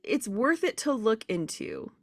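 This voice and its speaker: A woman talks casually on a podcast, cheering the listener on with plenty of "like" and "you know". Her pitch swings up and down in an animated way, and the close mic is dry and close. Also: measured pace, dry recording. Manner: encouraging, peppered with "like", laughs along. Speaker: podcast co-host.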